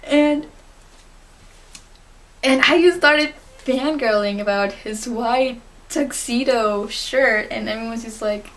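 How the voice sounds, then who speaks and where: A woman's voice: on the high side, slow. A teenage girl in a casual vlog monologue, answering fan questions in a chatty, giggly, gushing way with lots of fillers. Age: teens.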